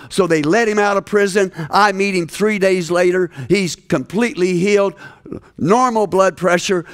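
A man preaching to a large gathering, telling stories with many restarts and swinging from hushed tones to shouts. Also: sits high. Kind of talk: sermon.

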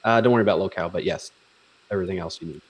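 A man co-hosting a live coding stream, calmly giving instructions with dry jokes. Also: sits low, racing, breathy edge. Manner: relaxed, dry joking, gives instructions. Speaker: co-host guiding the demo. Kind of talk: casual live coding chat.

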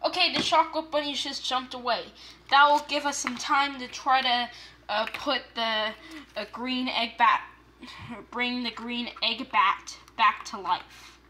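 Woman storyteller for homemade toy play; high, sing-song delivery, playful, with a faint hiss behind. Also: fairly even intonation, a little slow, sharp tone. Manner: playful, play-by-play narration with gasps.

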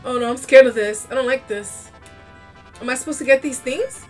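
A woman chatting excitedly while playing a video game, often shrieking and laughing. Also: high-pitched, normal speed, soft background music. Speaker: gamer playing on stream. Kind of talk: casual gaming commentary.

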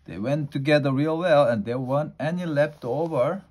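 A man voicing a simple-hearted, literal-minded housemaid in a homey, folksy drawl, a little above his usual pitch. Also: moderate pace, a little mellow, lightly acted.

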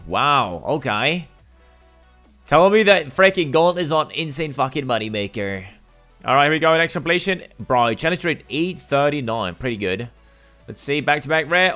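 A man giving casual gameplay commentary, explaining steps and getting loud and swearing when the game frustrates him. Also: mid-range voice. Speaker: gameplay streamer.

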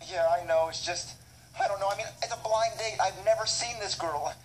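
A man's voice: high-pitched, fairly quick, soft background music, close to an everyday voice, rough recording. A man voicing a nervous, picky male plumber before a blind date, whining and stammering in an amateur comedy skit. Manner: whiny, exclaiming, stammering.

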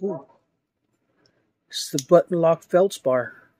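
Slow-talking man unboxing knives, awestruck. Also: fairly high pitch, no room sound. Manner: slow, excited, awestruck exclamations. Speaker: knife collector vlogger. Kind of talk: unboxing narration.

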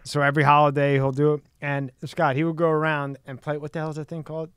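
A man hosting a podcast, with a voice a touch higher than most men's. He talks loosely and swears freely, like he is chatting with a friend. His voice sits dry and close to the mic. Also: completely flat delivery, fast, a bit bright, smooth, no room sound. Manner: loose, profane, conversational. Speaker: podcast host. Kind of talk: casual chat.

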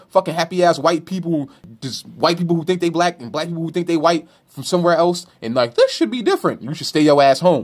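A stand-up comedian from Brooklyn with a New York accent, ranting brashly with profanity and mocking questions. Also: male voice, high voice, breathy edge. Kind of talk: comedic rant to camera.

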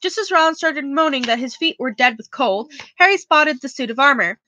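A woman's voice: high-pitched, animated, moderate pace, bright, forceful tone, lo-fi sound. A woman reading a novel aloud in a casual way, with small slips and restarts. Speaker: reader.

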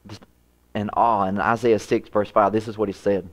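Man, pastor, preaching, swings from high and loud to hushed. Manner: animated preaching, voice rising high when acting out prayers; drops to soft, slow, quiet lines. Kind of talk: sermon.

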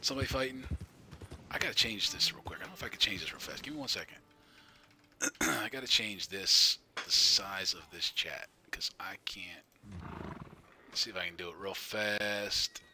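A man's voice: sits low, moderate pace, noisy background. A man streaming a game live, chatting casually, greeting viewers by name and laughing often.

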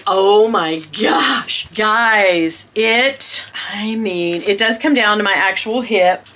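A middle-aged woman chats her way through an unboxing, gushing and laughing as she goes. Her voice is bright and forward, sitting mid-range for a woman. A faint ambient hum stays under her. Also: medium pitch, takes it slowly. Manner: chatty, gushing, laughs often. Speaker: vlogger. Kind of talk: casual unboxing chat.

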